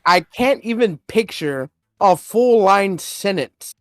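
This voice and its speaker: A young man co-hosting a podcast, excitedly retelling a movie trailer in casual, swear-laden chat. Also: high voice, slow pace, no room sound, studio quality. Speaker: podcast co-host.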